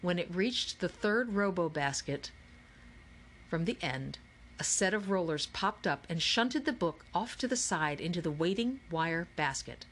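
A woman reads a children's novel aloud in a steady storytelling voice. Her tone sits a little low. The delivery is clear and measured, shifting between narration and voices. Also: a little hiss or hum. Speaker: audiobook narrator. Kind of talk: scripted narration.

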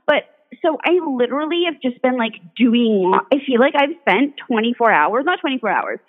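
A woman's voice: a little high, big pitch swings, brisk. Blunt woman on a tinny call. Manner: blunt, swears freely. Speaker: podcast co-host. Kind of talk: casual chat. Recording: tinny phone-line call.

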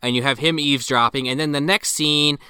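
A man's voice: a little high, steady tone, fairly quick, pushed and bright, clear, resonant tone, no echo, clean studio sound. A man co-hosting a casual movie discussion who keeps the plot in order and corrects the others. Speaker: podcast co-host.

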